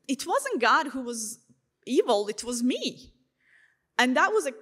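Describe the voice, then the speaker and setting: A woman tells her life story to a crowd at a conference. Her voice sits a little on the high side, and she talks freely, filling her sentences with "you know" and "like". She acts out her own past thoughts as quick little asides. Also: fairly bright tone. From Turkey. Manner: frequent fillers like "you know" and "like". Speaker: speaker sharing her faith testimony. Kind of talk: conference talk to a live audience.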